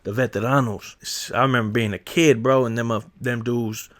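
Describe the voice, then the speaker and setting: A man vlogging in casual, slangy storytelling, animated and laughing often as he talks. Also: medium pitch, a little fast.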